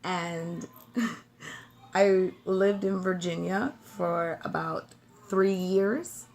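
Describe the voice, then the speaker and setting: A Brooklyn woman whose New York accent carries a slight Southern twang chats casually while doing her makeup at home, a beauty vlogger giving a relaxed tutorial. She talks very slowly in a lowish, slightly mellow voice and tends to drift off topic.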